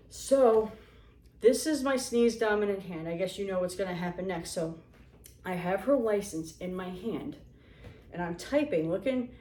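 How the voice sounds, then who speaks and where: A woman in her forties tells a story in a casual, sarcastic way, acting out the people in it. Her pitch sits in the middle range. The room around her has a noticeable echo. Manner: animated, sarcastic, acts out quotes. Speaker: vlogger. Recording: roomy echo.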